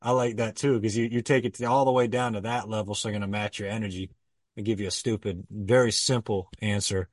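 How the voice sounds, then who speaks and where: A man's voice: lowish voice, fairly even intonation, brisk, dry recording, studio quality, recorded from a distance. A man co-hosting a casual sales coaching chat, agreeing and building on his partner's points.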